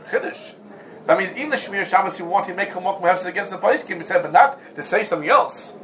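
High-voiced man giving a Talmudic lecture. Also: quick pace, a little hiss or hum, rough recording. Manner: animated, repeats and restarts, rhetorical questions. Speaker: Torah teacher.

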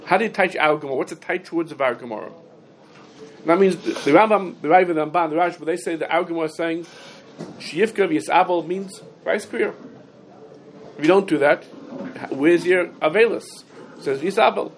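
Rebbe, slightly high voice, sing-song lecture cadence, faint room noise, fields student questions. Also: male voice, quick pace. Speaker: Talmud teacher giving a class. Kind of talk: yeshiva-style halacha lecture.

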